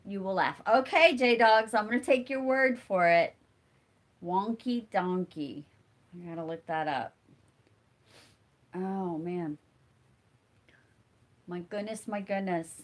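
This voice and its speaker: A middle-aged woman with a stuffy nose hosts a casual live stream, chatting and answering viewer comments as they come in. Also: mid-range voice. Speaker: homesteading channel host.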